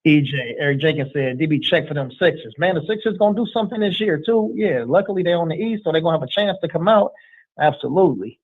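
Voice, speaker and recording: Male livestream host, relaxed slang delivery, tinny phone-quality audio. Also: fairly high pitch, fast talker. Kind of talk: casual chat, reading out viewer shout-outs.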